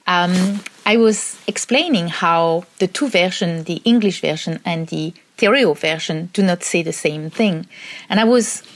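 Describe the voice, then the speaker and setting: A woman with a French accent, a university lecturer from France, speaking in a hesitant personal testimony full of pauses and ums. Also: fairly low pitch.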